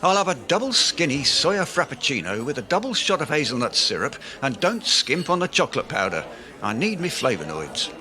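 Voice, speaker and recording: Brief: man voicing pompous, blustering wannabe author, bright, swoopy comic delivery. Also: a little high, very animated, a little fast. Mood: grumbling. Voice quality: grandiloquent, blustering. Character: pompous self-deluded aspiring male writer. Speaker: comic lead. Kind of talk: comedy audio drama acting.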